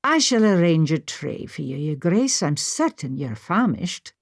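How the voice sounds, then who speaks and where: A woman's voice: low voice, big pitch swings, a little slow, dry recording, heavily acted. A woman narrator voicing an attentive, polite lady's maid in an audiobook, with a lilting, reassuring delivery. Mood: solicitous.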